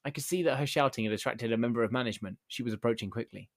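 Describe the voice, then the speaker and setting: A male podcast host telling a story in a casual, deadpan and amused way, with casual swearing. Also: mid-range voice, very fast, no echo, studio quality.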